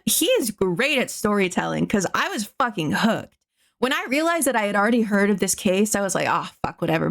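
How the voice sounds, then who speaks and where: A woman streamer retelling a story in casual chat, rambling with lots of fillers, swearing and laughing often. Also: a little high.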